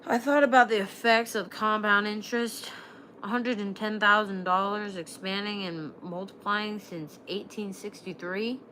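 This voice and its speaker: A woman reading aloud from a novel, voicing a thoughtful, earnest man who talks in a halting, reflective way. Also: medium pitch, fairly even intonation, bright, forceful tone, a little hiss or hum, natural voice, poor audio.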